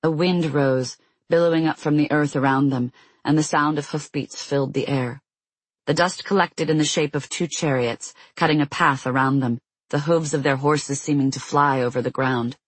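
An audiobook narrator telling a fantasy story in a steady, measured way. The voice is slightly husky and mid-pitched, recorded close and dry with no room sound. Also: dry recording, low-quality recording.

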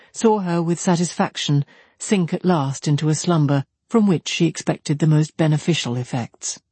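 A narrator giving a measured, even reading of a classic novel. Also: medium pitch, husky, no echo. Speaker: audiobook narrator.

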